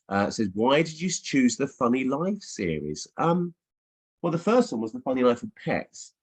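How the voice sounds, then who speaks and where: A middle-aged man's medium-pitched voice comes across sing-song and a little mellow with a breathy edge, at normal speed. He writes for children and is chatting casually with schools by video from his home office, reading aloud in a playful Q&A full of ums and restarts.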